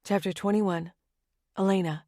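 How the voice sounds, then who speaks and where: A woman's voice: mid-range voice, fairly even intonation, moderate pace, dark tone, dry recording, clean studio sound. A woman narrating a romance audiobook in the first person, wry and conversational.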